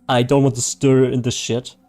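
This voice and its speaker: A man's voice: medium pitch, mellow. A man chatting casually on a live game stream, reading viewer chat, joking and laughing often.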